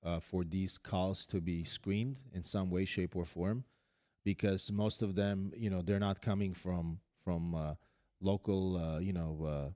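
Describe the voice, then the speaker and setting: A man's voice: low-pitched, fairly even intonation, unhurried, warm tone, no room sound, studio quality. A man hosting a podcast, chatting casually and running through news items with frequent fillers and restarts. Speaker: podcast host.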